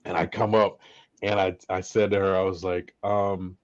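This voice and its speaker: A middle-aged man co-hosting a podcast, telling a family story in a relaxed, casual way. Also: low voice, moderate pace, no room sound, highs cut off. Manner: relaxed, affirming, tells anecdotes. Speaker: podcast co-host.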